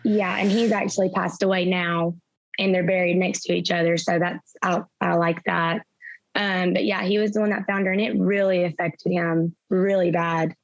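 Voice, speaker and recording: A young woman, a guest in an interview, retelling events through quoted dialogue in a soft, halting way with fillers. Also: on the low side, flat delivery, no echo. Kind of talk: personal storytelling in an interview. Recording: slightly dull, dry sound.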